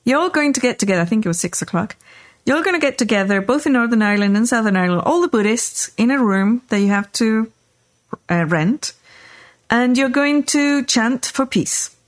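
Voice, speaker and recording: A woman podcast host telling a story in casual chat, animated, often checking in with "right?". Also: on the high side, brisk.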